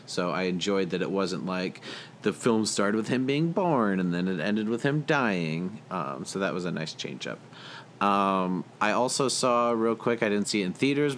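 A young man with a somewhat low voice talks through recent movies in a loose, rambling podcast chat. He fills his sentences with ums and uhs and chuckles often. A faint hiss sits under the recording. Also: animated, moderate pace, fairly bright tone. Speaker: podcast co-host.

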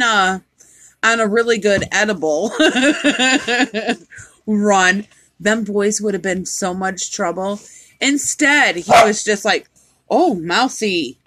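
A woman's voice: medium pitch, fairly bright tone, no echo. A woman co-hosting a casual podcast chat, telling stories with frequent swearing and laughter. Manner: profane, laughing storyteller. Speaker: podcast co-host.

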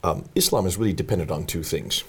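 Husky low guy hosting, firing off questions quick. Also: a bit bright. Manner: prompting, question-asking. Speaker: show host. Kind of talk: conversational interview.

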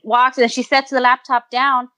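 A high-pitched woman co-hosting a casual podcast. She tells loose, funny stories and laughs often as she talks. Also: little pitch movement, normal speed, sharp tone. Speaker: podcast co-host. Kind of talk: casual chat.

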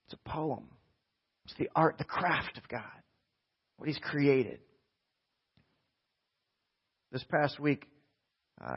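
A man's voice: medium pitch, vocal fry. A male pastor preaching a sermon in a church, exhorting and emphatic. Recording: dull lo-fi recording.

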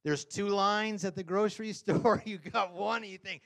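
Talking a little fast, a man preaches in a casual, humorous way. He's animated and often laughs under his breath, and his voice shoots up high whenever he acts out a quote.

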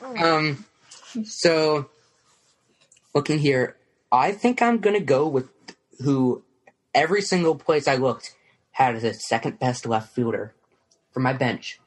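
A man's voice: mid-range voice, lively intonation, slow, pauses often. A male co-host makes fantasy baseball picks in a loose, casual conversation. He talks freely and keeps pressing his partner with questions about their rankings. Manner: chatty, quizzes his co-host. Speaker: podcast co-host.

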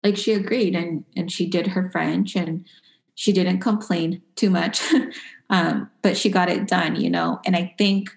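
A woman's voice: lowish voice, fairly even intonation, unhurried, vocal fry. A woman in her thirties, a parent, chatting casually about raising her kids and slipping Spanish phrases into her talk. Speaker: parent sharing experience. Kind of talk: casual conversational storytelling. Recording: echoey room.

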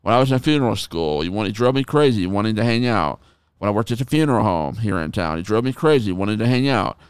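A man hosting a podcast in casual chat, telling stories in an animated way and swearing freely. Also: on the low side, quick pace, clean tone, dry recording, clean studio sound. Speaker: podcast host.

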